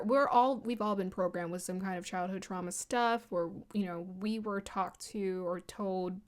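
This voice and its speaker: Gentle woman giving a card reading. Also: mid-range voice. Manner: gentle, flowing, spiritual talk with soft laughs. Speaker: tarot card reader. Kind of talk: casual spoken card reading.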